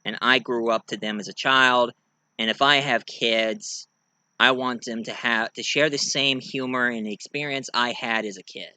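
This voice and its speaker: A young man giving a rambling, excitable casual movie review. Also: mid-range voice, normal speed, clear, resonant tone, dry recording.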